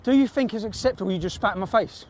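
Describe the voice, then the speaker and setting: A man's voice: high-pitched, racing, darkish tone, slight background noise. An angry man, swearing and repeating himself, confronting someone outdoors in a car park, filmed on a handheld camera phone. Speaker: confronting a passer-by. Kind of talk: heated street confrontation.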